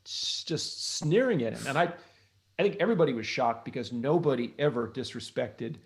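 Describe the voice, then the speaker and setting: A man's voice: mid-range voice, expressive, normal speed, gravelly. A middle-aged man from the United States, a guest on an interview show, telling long reflective stories with many restarts. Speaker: interview guest, blues harmonica player and author. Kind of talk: casual interview storytelling.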